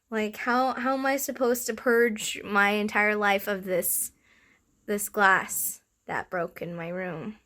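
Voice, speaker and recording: A young woman vlogging in a casual, chatty way, giggling often and filling her talk with "like" and "um," with a slightly rough morning voice. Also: medium pitch, fairly even intonation, slow, a bit bright. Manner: chatty, giggly, lots of fillers. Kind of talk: casual vlog chat.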